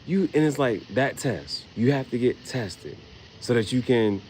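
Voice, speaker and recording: Lively, laughing man riffing casually. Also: mid-range voice, a little slow, slight background noise. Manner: animated, laughing, swearing, slangy storytelling. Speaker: vlogger. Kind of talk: casual comedic monologue.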